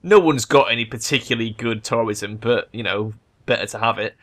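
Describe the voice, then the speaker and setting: A young man giving loose, excitable gameplay commentary, thinking aloud and swearing freely. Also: medium pitch, a little fast. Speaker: let's play gamer.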